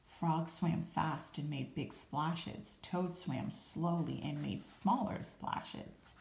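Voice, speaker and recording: Slow, mellow woman reading a storybook. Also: deep voice, creaky, a little hiss or hum. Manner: calm, unhurried, with small asides. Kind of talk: reading a children's storybook aloud. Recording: roomy echo.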